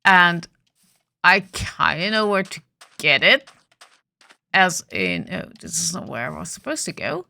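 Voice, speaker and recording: A woman with a bright, clear tone talks slowly through her game plan, thinking aloud as she goes. Her voice carries a slight morning roughness, and she often restarts with small ums. She sounds relaxed and unhurried. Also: on the low side, no echo. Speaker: gaming video host. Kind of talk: casual gameplay commentary.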